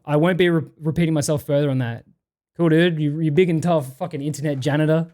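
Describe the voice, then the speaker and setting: A man's voice: a little high, steady tone, fast talker, mellow. A man streaming, ranting and reading chat messages aloud in a profane, exasperated way.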